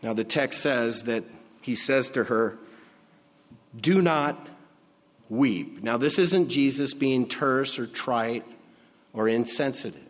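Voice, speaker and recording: Slow, emphatic pastor in a reverberant hall. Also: male voice, mid-range voice. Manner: slow and emphatic, dropping to a hush on key words. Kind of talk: sermon.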